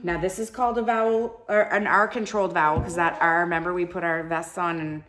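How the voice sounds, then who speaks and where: A woman teacher leading a live classroom phonics lesson, sounding out syllables slowly and encouraging her students. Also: lowish voice, fairly even intonation, fairly bright tone, soft background music. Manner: slow, drawn-out syllable sounding.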